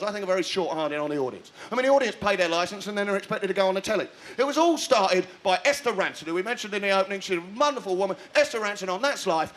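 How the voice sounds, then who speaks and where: High-voiced sardonic comic. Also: male voice, a bit bright, slight background noise. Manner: sardonic, ranting, mocking. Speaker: stand-up comedian. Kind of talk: stand-up comedy routine.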